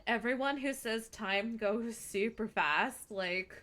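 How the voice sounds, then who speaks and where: A woman's voice: on the high side, slow pace, a bit bright. A young woman streamer chatting casually, self-deprecating and swearing freely.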